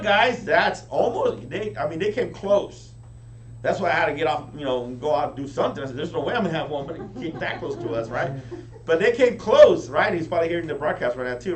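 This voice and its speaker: A man giving a high-energy motivational training talk to a live audience, often checking in with them. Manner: energetic, keeps asking the crowd "right?". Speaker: business team leader training recruits. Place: meeting room with an audience. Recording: echoey room, distant mic, faint hum.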